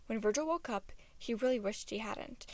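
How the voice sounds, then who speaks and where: A woman reading a fan story aloud in an unhurried, expressive way. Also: on the high side, no echo. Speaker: fan-fiction reader. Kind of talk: audiobook-style story reading.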